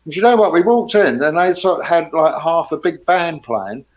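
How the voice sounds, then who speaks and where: A man in his sixties, a guest telling casual, rambling stories with lively rises in pitch. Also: moderate pace. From England. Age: 60s. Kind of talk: casual anecdotes.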